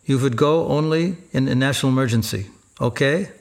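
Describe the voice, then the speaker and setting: A man voicing an elderly, friendly army psychiatrist who talks in a calm, measured way. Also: medium pitch, gravelly, natural voice.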